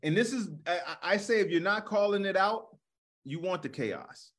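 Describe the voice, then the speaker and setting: Animated male comedian, higher voice. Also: moderate pace. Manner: animated, repeats words when starting a thought. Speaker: comedian podcast co-host. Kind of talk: casual comedic chat.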